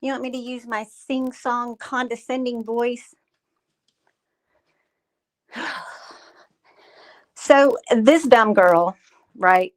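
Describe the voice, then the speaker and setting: A woman's voice: fairly high pitch, extremely slow, pauses often, rough recording. A woman hosting a commentary livestream, speaking with sarcastic, mocking scorn aimed directly at a rival. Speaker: livestream host. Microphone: streaming mic.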